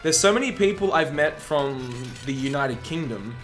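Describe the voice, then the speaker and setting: A man's voice: on the high side, animated, moderate pace, over music. An Australian man, a speedrun streamer, chatting casually and rambling as he answers his live chat.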